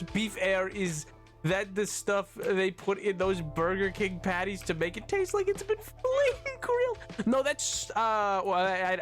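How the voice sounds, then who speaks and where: A man streaming, chatting casually with his viewers, who laughs often and keeps an animated back-and-forth going. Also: high voice. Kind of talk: casual live-stream chat, reading chat messages.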